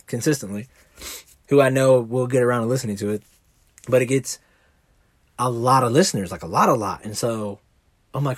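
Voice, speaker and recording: A male podcast host rambles through a casual monologue, swearing freely in a laid-back, profane manner. His mid-range voice comes across in clean studio sound with no echo.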